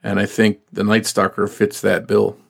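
Gravelly low-voiced man, true crime co-host. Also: monotone, moderate pace. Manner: hesitant, searching for words. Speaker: podcast co-host. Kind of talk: true crime podcast chat.

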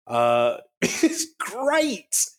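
A man co-hosting a podcast, chatting casually with a dry, deadpan delivery and vivid, gory descriptions. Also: high-pitched, drawn-out words. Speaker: podcast co-host. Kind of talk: casual comedic chat.

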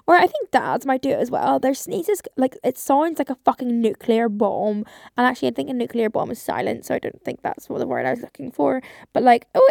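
A woman's voice: sits high, creaky, darkish tone, no echo, clean studio sound. A woman in her twenties hosting a casual solo podcast, rambling and chatty, swearing often and saying "like" constantly. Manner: rambling, chatty, swears a lot, heavy use of like. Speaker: podcast host.

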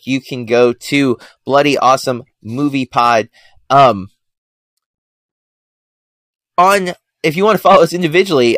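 A man's voice: on the high side, fairly bright tone, no room sound. A man co-hosting a film podcast, talking casually with many fillers and self-corrections. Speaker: podcast co-host.

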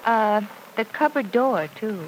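A woman's voice: on the high side, expressive, measured pace. An actress playing an earnest young woman in a 1940s radio drama, talking in an anxious, heartfelt way. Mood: playful. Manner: anxious, earnest, playful at times. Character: earnest young woman worried about her stepfather. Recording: old radio recording with faint hiss.

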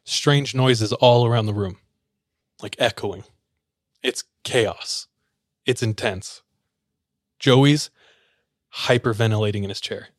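A man's voice: medium pitch, takes it slowly, pauses often, dry recording, clean studio sound. Man casually telling an eerie story. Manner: loose and conversational, many filler "like"s, acts out quoted lines.

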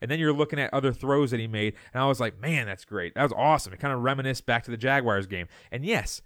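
A man's voice: mid-range voice, fast, a bit bright, smooth, no echo, clean studio sound. A man co-hosting a sports podcast, ranting heatedly, stumbling over and repeating words as he gets worked up. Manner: fired up, repeats words, mocks others in put-on voices. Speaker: podcast co-host.

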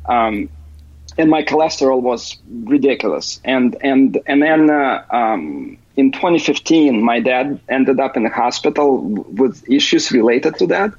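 Hesitant husky man over a muffled call. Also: mid-range voice, lively intonation, measured pace, no room sound. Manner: hesitant, many fillers and restarts. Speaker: podcast guest. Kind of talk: casual interview. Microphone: remote call. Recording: muffled remote call audio.

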